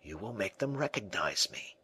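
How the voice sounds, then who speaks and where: A man voicing a timid young playwright who speaks softly, often in a hush, evasive and protesting, in an audiobook reading. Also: lowish voice, very animated, moderate pace, breathy edge, dry recording, exaggerated voice. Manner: soft, whispering, evasive.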